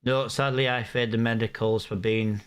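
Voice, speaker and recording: Commentating live as he games, a young British man reads out chat comments and thinks aloud in a chatty way. He speaks with a clean, medium-pitched voice, steady in tone and moderate in pace.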